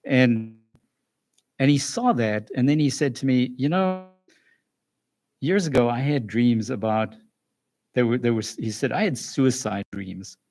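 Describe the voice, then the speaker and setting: A man giving a calm, earnest talk to parents as a school psychologist, pausing and restarting now and then. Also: mid-range voice. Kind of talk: recorded lecture for parents.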